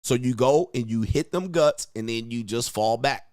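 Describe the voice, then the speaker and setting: A man's voice: medium pitch, normal speed, darkish tone, no echo, studio quality. A man hosting commentary on video clips, blunt and crude, repeating himself and mimicking reactions. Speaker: host.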